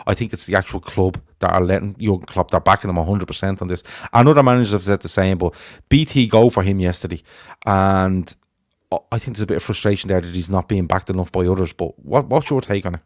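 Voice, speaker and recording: A man with a Liverpool accent hosting a casual football podcast, opinionated and animated, with frequent ums. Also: sits low, quick pace, dry recording, studio quality. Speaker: podcast host.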